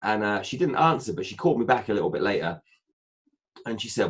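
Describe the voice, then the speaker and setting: A man's voice: fairly low pitch, quick pace. A man, a guest in a casual interview, telling a long story and acting out the dialogue. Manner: animated anecdote-telling, acting out dialogue with many "I said" asides.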